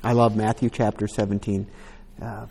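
A man's voice: fairly low pitch, level tone, moderate pace, vocal fry, darkish tone. A man preaching a sermon, reading scripture aloud and breaking in with casual asides. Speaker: pastor. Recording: long hall reverb.

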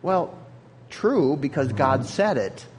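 A man's voice: medium pitch, lively intonation, slow, slight background noise. A man preaching a sermon, reading scripture aloud and then explaining it in a conversational way. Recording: long hall reverb.

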